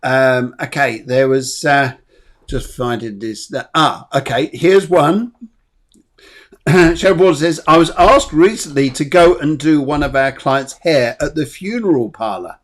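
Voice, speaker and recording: A man's voice: on the high side, a little slow. A man hosting a live show, chatting casually, laughing often and rambling. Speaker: host and medium.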